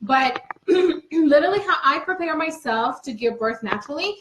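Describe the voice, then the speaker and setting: A young woman in casual chat, chatty and quick to laugh. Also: sits high, lively intonation. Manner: chatty, laughs easily, reacts with short replies. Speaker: co-host. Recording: echoey room with faint noise.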